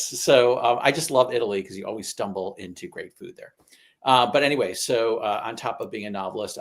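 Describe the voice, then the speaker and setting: Enthusiastic man, lowish voice, many fillers. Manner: enthusiastic, filler-heavy storytelling. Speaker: panel guest. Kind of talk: casual chat.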